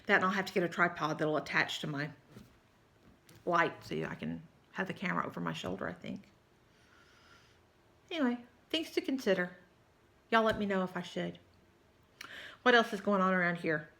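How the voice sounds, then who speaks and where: A woman with a Texan drawl chats to her viewers in a loose, rambling way, full of y'all and little apologies. She sounds tired and keeps yawning, and her voice has a bright, forward edge. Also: on the low side, big pitch swings, moderate pace, long pauses. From South Texas. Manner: rambling, chatty, apologetic, says y'all often. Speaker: cross-stitch vlogger. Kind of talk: casual chat to viewers.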